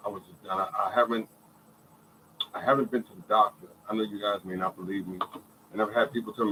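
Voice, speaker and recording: A man's voice: lowish voice, fast talker, long pauses, noisy background. A man recounting his cancer treatment. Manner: animated storytelling, many repeated phrases, often asks "you hear me". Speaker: cancer survivor telling his story. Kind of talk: casual spoken testimony.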